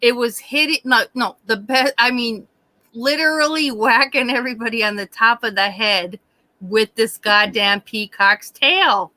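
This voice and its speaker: A woman hosting a live stream, chatting casually and telling a story in an animated way, with frequent swearing. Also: fairly high pitch, measured pace, no echo. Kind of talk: casual chat.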